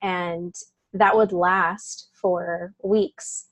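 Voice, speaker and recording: Her voice sits on the low side, steady and very slow, in a dry recording. As an interview guest recounting something personal, she's chatty, breaks into laughter a lot, and says "like" constantly.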